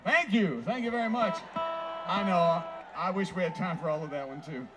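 A man hosting a live variety show with folksy emcee patter and shouted introductions. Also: high voice, moderate pace, loud music behind the voice. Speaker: show host.

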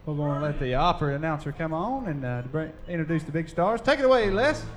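Teasing male bandmate, slightly high voice. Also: very animated, fast talker, faint music behind. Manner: teasing, egging on. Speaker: band member. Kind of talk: stage banter.

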